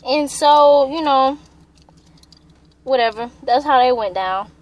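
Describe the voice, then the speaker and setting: A young woman vlogger telling a personal story casually, animated and profane, acting out what people said. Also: high-pitched, takes it slowly. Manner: animated, profane, acts out quotes.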